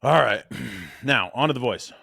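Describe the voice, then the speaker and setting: A man coaching on voice and presence in a blunt, animated, casual way, correcting himself as he goes. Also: medium pitch, moderate pace, creaky, no echo, studio quality.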